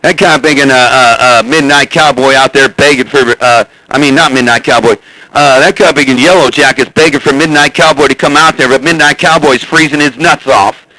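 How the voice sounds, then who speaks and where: A man chattering on CB radio as the channel's host, boastful and loud, hailing others over and over. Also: mid-range voice, a little fast, no room sound, low-quality recording.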